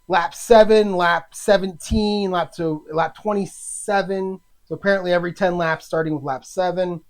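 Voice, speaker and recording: A man casually talking himself through a solo tabletop racing game, chatty and halting, with lots of fillers. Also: on the high side.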